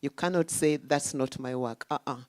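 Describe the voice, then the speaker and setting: Low-voiced woman giving a lecture. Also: normal speed, no room sound. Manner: lecturing, rhetorical questions, emphatic. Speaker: symposium speaker. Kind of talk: academic talk. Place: conference hall.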